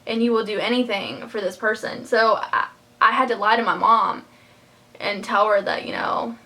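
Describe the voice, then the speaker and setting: A woman's voice: mid-range voice, normal speed, vocal fry, sharp tone. A young woman vlogging about her personal life, heartfelt and rambling, close to tears. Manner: heartfelt, rambling, many fillers and restarts. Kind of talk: personal storytime vlog.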